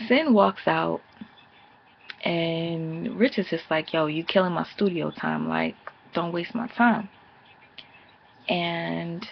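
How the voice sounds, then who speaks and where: Sassy gravelly-voiced woman reviewer. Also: fairly low pitch, muffled recording. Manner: blunt, sassy, profane, mimics cast members in animated bursts. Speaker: TV episode reviewer. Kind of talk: casual recap commentary.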